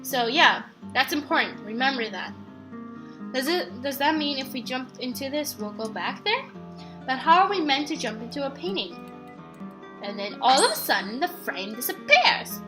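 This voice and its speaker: A young woman narrating her let's play of a horror game in a chatty, excitable way, often breaking into her characters' lines. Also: high voice, normal speed, music in the background. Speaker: gaming channel host.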